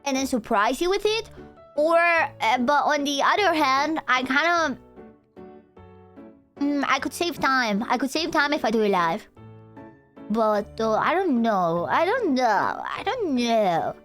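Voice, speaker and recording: A woman streamer chatting casually with her viewers, rambling and excitable, laughing often and saying "dude" a lot. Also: high-pitched, unhurried. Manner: laughs often, trails off into restarts. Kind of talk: casual livestream chat with viewers. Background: faint background music.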